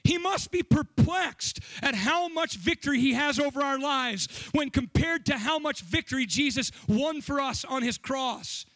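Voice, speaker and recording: High, bright-voiced male pastor preaching. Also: a little slow, few pauses. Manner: animated, emphatic preaching with quoted stories. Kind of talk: sermon.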